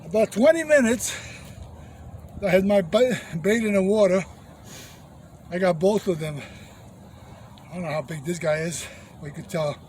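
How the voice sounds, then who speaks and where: A man talking casually outdoors on a river bank as he fishes, chatty and quick to exclaim, with breathy sighs between his lines. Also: sits high, darkish tone, slight background noise. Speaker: angler filming his catch. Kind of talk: casual running commentary while fishing.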